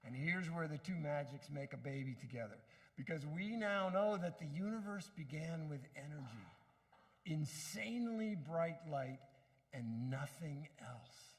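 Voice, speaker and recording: A man's voice: a little high, expressive, unhurried, long reverb tail. A man giving a reflective, earnest talk on science and wonder, with casual asides and self-corrections. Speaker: speaker on science and meaning.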